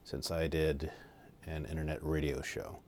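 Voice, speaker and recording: A man's voice: very deep voice, flat delivery, a little slow, darkish tone, a little hiss or hum. A man reviewing a small wireless clip-on mic, reading its product copy in a mock radio announcer voice. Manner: mock broadcast announcer delivery.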